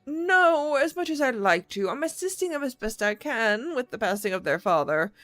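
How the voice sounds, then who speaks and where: A woman voicing a frail, kindly old man with a gentle, slightly trembling manner in a game reading. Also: high voice, big pitch swings, moderate pace, no echo, soft background music, pitched above the performer's own voice.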